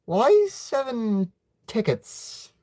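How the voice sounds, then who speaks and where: A cheeky, excitable fifteen-year-old boy in a homemade storybook, voiced by a young man reading aloud. The lines come out plain and close to the reader's own voice. The pace is slow. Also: high voice, heavily acted. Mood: excited. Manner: halting, unpolished storybook reading.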